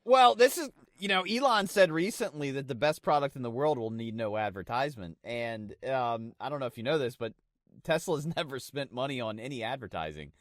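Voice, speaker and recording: A man's voice: mid-range voice, a little fast, dry recording, clean studio sound. A man co-hosting a casual podcast, swearing a lot and acting out little voices as he tells stories. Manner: profane, animated, acts out voices in quotes. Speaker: podcast co-host.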